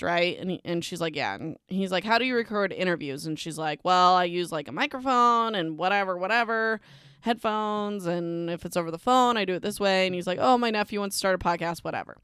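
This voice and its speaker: A woman's voice: mid-range voice, fairly bright tone, smooth, dry recording, studio quality. Sarcastic young woman recapping a book. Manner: sarcastic, dismissive, heavy use of "like" and "whatever". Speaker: podcast host.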